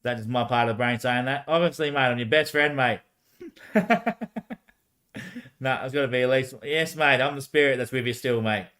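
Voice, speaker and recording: A man's voice: mid-range voice, moderate pace, fairly bright tone. A man streaming alone, rambling and answering himself back and forth, dropping "mate" and laughing often. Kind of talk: rambling solo livestream talk.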